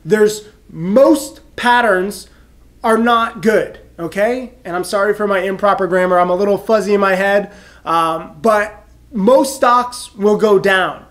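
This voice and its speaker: A man's voice: sits high, unhurried, a bit bright. A man in his thirties with a stuffed-up head cold, talking straight to camera as a trading mentor in an emphatic, rambling, self-assured way. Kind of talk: direct-to-camera vlog monologue.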